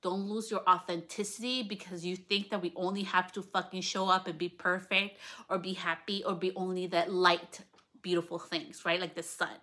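Bright-voiced, excitable woman podcaster. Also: normal speed. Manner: candid and excitable, swears freely, pitch jumps up when excited. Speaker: podcast host. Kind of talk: casual solo podcast monologue. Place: lounge at home.

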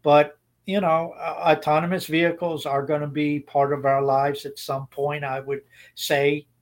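A man's voice: on the high side, flat delivery, a little slow. A man co-hosting a podcast, giving blunt opinions in casual chat and rambling with frequent restarts. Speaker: podcast co-host.

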